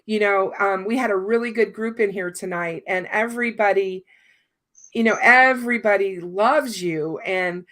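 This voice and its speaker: A woman's voice: medium pitch, normal speed. Chatty woman host with a worn voice. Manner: chatty, warm thanks, many fillers. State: strained, worn voice. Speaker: livestream host. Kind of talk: casual livestream chat.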